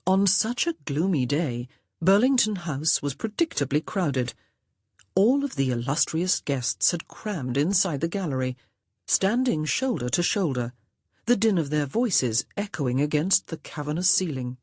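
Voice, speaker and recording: A woman narrating a historical romance audiobook with measured, expressive storytelling. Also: low-pitched, husky, no room sound, studio quality. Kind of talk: scripted narration of a romance novel.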